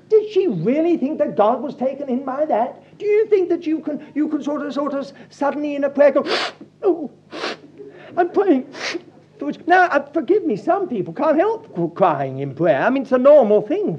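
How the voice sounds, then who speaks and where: High husky voice, guy preaching a sermon, tells stories, muffled old tape. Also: slight background noise. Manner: storytelling, animated, acts out quotes.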